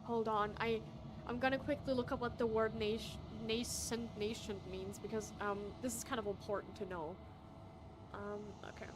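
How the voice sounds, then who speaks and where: A woman's voice: on the high side, fairly even intonation, normal speed, noisy background. Emotional young woman streaming a game. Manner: emotional, reads game text aloud. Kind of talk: casual let's-play commentary. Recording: game music behind.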